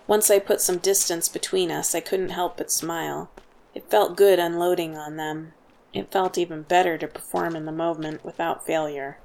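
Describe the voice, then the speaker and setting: Low gravelly woman narrating a story. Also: moderate pace. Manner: steady first-person storytelling. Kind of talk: scripted audiobook narration.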